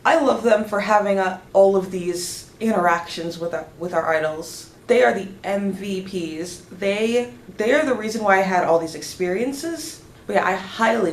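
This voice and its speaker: A young woman vlogger excitedly telling a story, gushing and tripping over her words as she goes. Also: mid-range voice, moderate pace, few pauses. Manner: gushing, restarts often, lively. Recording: roomy echo, faint background ambience.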